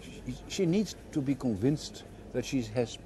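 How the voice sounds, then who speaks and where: An older man, giving an interview and recalling his retail career in halting, repeated phrases. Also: medium pitch, expressive. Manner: halting, repeats words while searching for phrasing. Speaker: interviewee, former retail executive. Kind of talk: reflective conversational interview. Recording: noisy background hiss.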